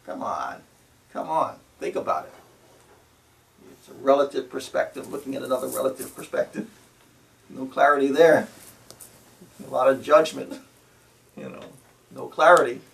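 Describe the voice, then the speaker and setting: A man with a gravelly, fry-edged voice teaching on spiritual matters, his speech slow and deliberate. He repeats key words and keeps checking in with "See?" as he goes. He sits a little away from the microphone, so he sounds distant. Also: medium pitch, fairly bright tone. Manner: tags phrases with "See?" and "You know". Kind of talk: spiritual talk. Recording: voice from a distance to the mic.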